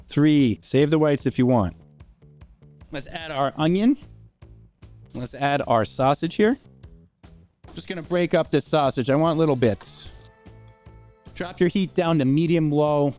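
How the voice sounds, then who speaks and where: Male home-cook host, relaxed conversational delivery with "all right?" asides, mid-pitched voice, soft background music. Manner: chatty, informal, with frequent "all right?" asides. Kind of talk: casual cooking demonstration. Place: home kitchen.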